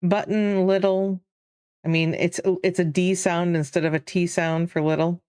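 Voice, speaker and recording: A woman's voice: on the low side, level tone, normal speed, darkish tone, no echo. A woman with a Michigan accent hosting a casual live game stream, rambling and answering chat as she plays. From Michigan, USA.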